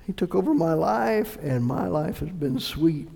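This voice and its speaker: A male pastor preaching a sermon, emphatic, swinging between loud bursts and hushed lines. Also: on the high side, expressive, a little slow, gravelly, breathy edge, long reverb tail.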